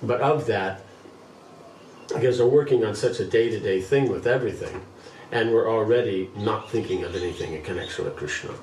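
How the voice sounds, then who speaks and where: A man leading a scripture class, reading a passage aloud and then explaining it in an unhurried way. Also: fairly low pitch, a little mellow, a little hiss or hum. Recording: roomy, distant mic, faint background.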